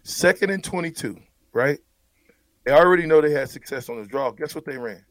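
A man's voice: a little high, lively intonation, a little fast, no echo. A man, a former player, breaking down a football game in blunt, emphatic casual talk, often stumbling over repeated words.

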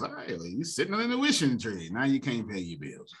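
Male host, motivational talk, wide-ranging animated delivery with a preacher's swing. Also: mid-range voice, brisk, hardly any pauses, slight background noise. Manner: animated, preacher-like, laughs often.

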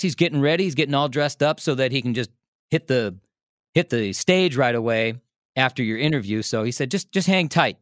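A man telling a story in a casual, animated way, laughing often and restarting his sentences. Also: mid-range voice, a little fast, dry recording, clean studio sound. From Milwaukee area, United States. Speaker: radio host telling a story as a podcast guest.

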